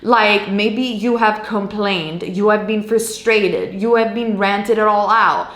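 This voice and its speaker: A woman's voice: medium pitch, takes it slowly, a bit bright. A woman giving a tarot reading to her viewers, reassuring and emphatic, often repeating her words. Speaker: tarot card reader. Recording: roomy echo.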